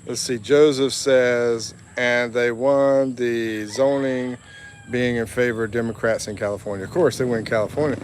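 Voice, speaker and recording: A man's voice: medium pitch, steady tone, normal speed, slight background noise. A man on a casual live walking vlog, chatting, reading viewer comments aloud and laughing often. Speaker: livestream vlogger. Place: outdoors in a town.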